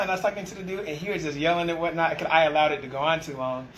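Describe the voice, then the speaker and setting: A man who leads a restaurant team, chatting casually and acting out the exchanges in his stories with lively energy. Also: on the high side, fast, a crowd in the background, poor audio. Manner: animated storyteller, acts out quoted exchanges. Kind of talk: casual conversation.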